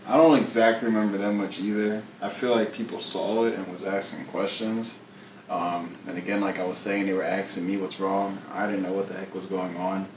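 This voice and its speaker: A man's voice: sits low, flat delivery, a little fast. A young man co-hosting a podcast, talking casually with dry joking asides. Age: young adult. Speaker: podcast co-host. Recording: distant echoey mic with faint noise.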